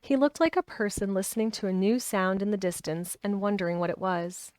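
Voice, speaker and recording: A woman's voice: medium pitch, a little fast, clean tone, no room sound. Woman narrator reading a classic aloud, dry close sound. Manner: steady storybook narration with small restarts. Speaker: reader.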